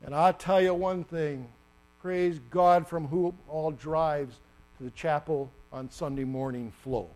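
Male preacher, high-pitched, animated storytelling delivery, slight mains hum. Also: normal speed. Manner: animated, acts out the story with sudden loud bursts. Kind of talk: sermon.

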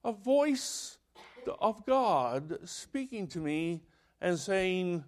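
A male pastor preaching a sermon, telling a story with animated delivery and acting out the voices in it. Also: high-pitched, drawn-out words.

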